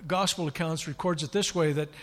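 A man's voice: a little high, steady tone, fairly quick. A man preaching a sermon, retelling scripture with dramatic, rising emphasis. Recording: long hall reverb.

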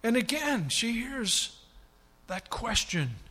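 A man's voice: very high-pitched, very animated, slow, bright, forceful tone, slightly rough. A man preaching a sermon, retelling scripture with dramatic, rising emphasis. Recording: long hall reverb.

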